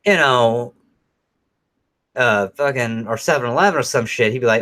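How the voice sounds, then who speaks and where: A man's voice: medium pitch, moderate pace, long pauses. Profane rambling middle-aged man. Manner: profane, rambling, animated storytelling. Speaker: podcast co-host. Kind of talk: casual rambling chat.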